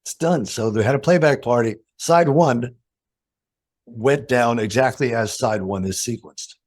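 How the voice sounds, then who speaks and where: An older man, a guitarist, telling studio anecdotes in an interview, animated and acting out quoted voices in a higher pitch. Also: unhurried. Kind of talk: storytelling in an interview.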